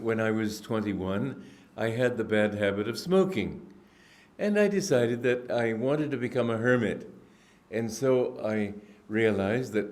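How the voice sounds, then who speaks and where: A man giving a spiritual discourse, telling stories in an unhurried, reflective way with frequent restarts and throat-clearing. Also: on the low side, a little mellow. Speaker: spiritual teacher. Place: indoor gathering hall.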